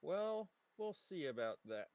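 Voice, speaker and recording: A man's voice: on the high side, big pitch swings, a little slow, very noisy. A man playing a tabletop game, narrating his character in a rambling, self-interrupting way. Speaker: player. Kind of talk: casual tabletop play.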